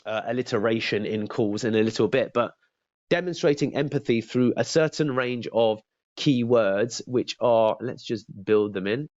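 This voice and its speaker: A man's voice: mid-range voice, normal speed, a little mellow, no room sound, lo-fi sound. A man as a sales trainer giving a casual, chatty lesson, often stumbling and repeating his words.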